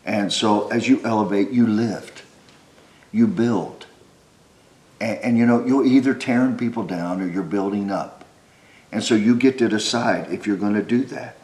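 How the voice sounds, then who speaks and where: A middle-aged pastor with a lowish voice preaches from a church stage. He mixes joking asides with earnest calls to action. His voice rings with the echo of a big room. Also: darkish tone. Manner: wisecracking, then earnest exhortation. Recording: echoey church hall.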